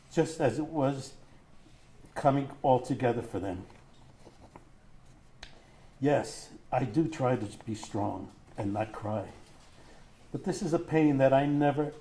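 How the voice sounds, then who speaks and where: A middle-aged man, a grieving father, reading a prepared statement in court; his voice is tearful and halting, breaking as he chokes up. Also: mid-range voice, mellow. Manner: grief-stricken, halting, voice breaking.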